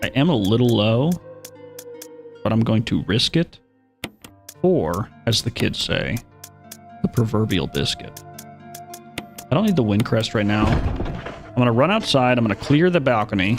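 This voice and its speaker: A man's voice: mid-range voice, sing-song, unhurried, vocal fry, long pauses, music in the background. A man streaming a horror video game, chatting casually and narrating his own moves with wry asides. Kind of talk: live gameplay commentary.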